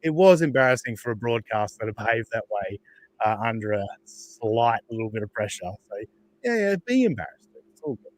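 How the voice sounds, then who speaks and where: A man's voice: lowish voice, steady tone, a little fast. An Australian man hosting a podcast, chatting casually with sarcastic asides, frequent laughs and swearing. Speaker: podcast host. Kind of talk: casual chat.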